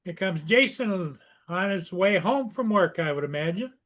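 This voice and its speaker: A man's voice: sits high, lively intonation, normal speed, a bit bright. A man hosting a casual live stream, relaying chat comments to his guests. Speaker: host.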